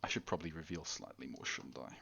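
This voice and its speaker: A man's voice: very deep voice, fast, pushed and bright, slightly rough. A man narrating a tabletop role-play game as game master, rambling and correcting himself. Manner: rambling, self-correcting, laughs often.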